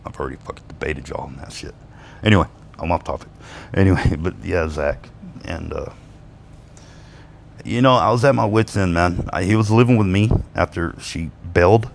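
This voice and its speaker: A man with a very deep, gravelly voice rambles through a personal story, swearing constantly and laughing between lines. He swings between bitterness and wistfulness, with faint noise behind him. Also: moderate pace. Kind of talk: casual personal storytelling monologue.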